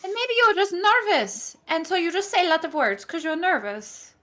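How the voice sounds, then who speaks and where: A woman's voice: very high-pitched, lively intonation, moderate pace, a bit bright. A woman playing a tabletop game in character, playful and brushing things off. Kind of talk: in-character role-play.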